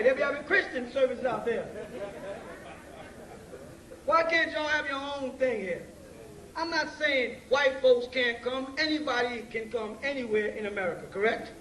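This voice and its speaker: A man's voice: very high-pitched, normal speed, fairly bright tone. A man giving a live lecture to an audience in a casual, slangy way, often checking that listeners follow him. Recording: echoey hall, distant mic, faint hiss, 1990s live tape.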